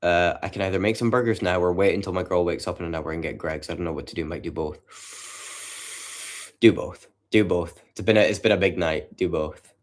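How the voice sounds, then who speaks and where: Deep-voiced man streaming. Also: a little fast. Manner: profane, rambling banter with chat. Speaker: livestreamer. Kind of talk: casual chat with a livestream audience. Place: his home at night.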